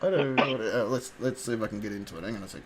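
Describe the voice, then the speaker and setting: A man's voice: lowish voice, very fast, very noisy. A man co-hosting a comedy show, flustered and swearing while reading his lines. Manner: flustered, chuckling, swears freely. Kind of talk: casual comedy script read-through.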